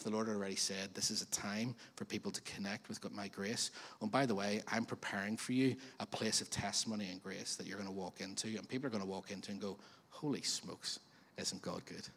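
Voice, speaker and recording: A man preaching a sermon as pastor, in a chatty, animated way with frequent questions to the congregation. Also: lowish voice, fast. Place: church auditorium. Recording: long reverb of a church hall.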